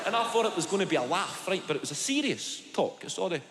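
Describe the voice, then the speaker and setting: A man's voice: high voice, sing-song, noisy background. A man in his thirties with a Glaswegian Scottish accent, doing a sweary stand-up routine in a theatre in front of a live audience. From Scotland. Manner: sweary, storytelling, quick asides. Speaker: stand-up comedian. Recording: echoey live hall with loud audience laughter.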